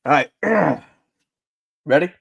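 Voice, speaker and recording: A man's voice: fairly high pitch, animated, slow, gravelly, fairly bright tone, husky, dry recording. A man co-hosting a casual podcast, joking, swearing and laughing as he reads reviews. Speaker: podcast co-host. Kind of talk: casual chat, reading reviews aloud in put-on voices.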